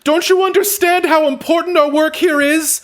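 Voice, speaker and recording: A man voicing an indignant female gnome scholar who yells in shrill exasperation. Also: fairly even intonation, moderate pace. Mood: outraged.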